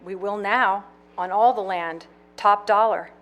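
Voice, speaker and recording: A woman reading the part of a hesitant, troubled man in a play, doubtful and soft-spoken. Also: medium pitch, a little slow, close to an everyday voice.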